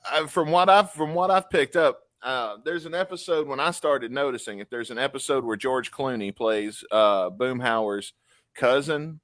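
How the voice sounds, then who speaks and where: A man hosting a podcast, telling a rambling, animated story in casual chat. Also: mid-range voice, moderate pace, no echo. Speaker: podcast host.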